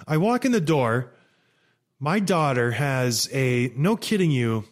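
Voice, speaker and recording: A man in his thirties telling a story in a casual, animated, exasperated monologue. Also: fairly high pitch, a little slow. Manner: animated, exasperated, rambling with restarts. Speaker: vlogger.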